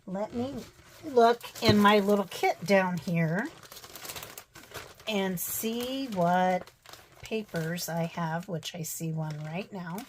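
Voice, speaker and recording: A woman's voice: fairly low pitch, slow pace, background noise. A woman narrating her crafting casually, thinking aloud with chatty, self-deprecating asides.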